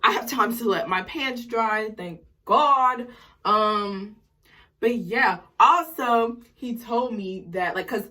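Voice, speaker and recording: A nineteen-year-old woman vlogging casually at home, excited and jittery from coffee, rambling and tripping over her words. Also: on the high side. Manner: excited, rambling, fast-talking. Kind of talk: casual vlog chat. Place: home while getting ready.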